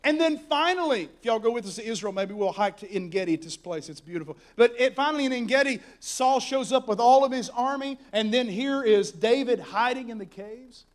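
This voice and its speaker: A man preaching a sermon, telling Bible stories in an animated way that swings from soft asides to shouting. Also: very high voice, a little fast, few pauses.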